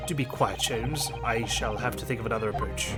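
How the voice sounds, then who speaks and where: A man's voice: mid-range voice, a little fast, pitched below the performer's own voice, close to an everyday voice. A man voicing a polite, exasperated young male law student with dry, weary replies, over game music. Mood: wry.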